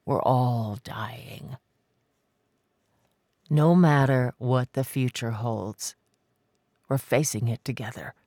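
As an audiobook reader voices him, a devoted man speaks calmly and firmly, refusing to back down. His voice stays close to the reader's own, slow and even. The read is dry, with no room sound. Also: dry recording. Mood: tender. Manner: calm, firm, low-key. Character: determined man, calm, insistent, devoted. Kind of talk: audiobook character voice.

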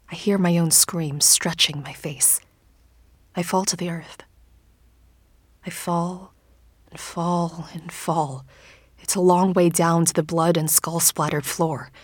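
A woman narrating a first-person story in an audiobook, in a hushed, often whispered, intimate delivery. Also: lowish voice, husky, no echo.

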